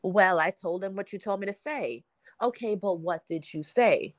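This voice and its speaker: This young woman, a podcast host, spins a story in relaxed conversation, performing the quoted lines and frequently breaking into laughter. She speaks at a moderate pace in a medium-pitched voice, with no echo on the recording.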